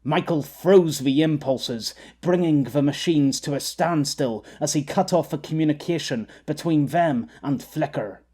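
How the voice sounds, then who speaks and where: A man narrating an audiobook in a measured storytelling manner. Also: a little high, warm tone, breathy edge. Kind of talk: scripted narration.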